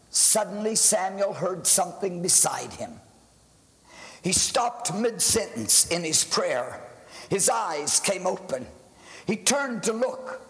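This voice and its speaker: A male preacher telling a sermon story dramatically, swelling at times into shouts of praise, in a hall with a long reverb. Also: high-pitched.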